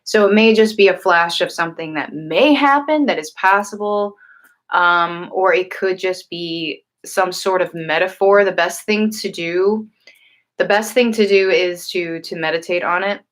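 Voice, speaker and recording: A woman's voice: lowish voice, unhurried. A woman hosting a casual livestream, talking earnestly and rambling with many fillers and restarts. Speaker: livestream host and tarot reader. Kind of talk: casual livestream chat answering viewers.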